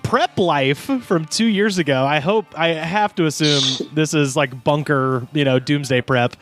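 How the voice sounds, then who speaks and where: A man's voice: a little high, measured pace, a bit bright, faint music behind. A man, co-hosting a casual comedy podcast, reading comments aloud and laughing often. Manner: laughs often, slips into silly put-on voices for comments. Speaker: podcast co-host.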